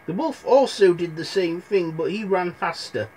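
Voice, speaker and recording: A young man tells fairy tales in an irreverent, rambling way, stopping for cheeky asides. His voice sits a little high for a man and swings up and down a great deal. A faint hum of background noise runs underneath. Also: animated, moderate pace, a little mellow. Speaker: storyteller. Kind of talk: comic fairy-tale retelling.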